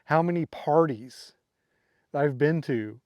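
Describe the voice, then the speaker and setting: A man doing a sheepish army buddy who is dismayed at his own mistake and drags each word out slowly. The voice stays close and dry. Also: on the high side, dry recording, muffled recording. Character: sheepish male army buddy, embarrassed and pleading.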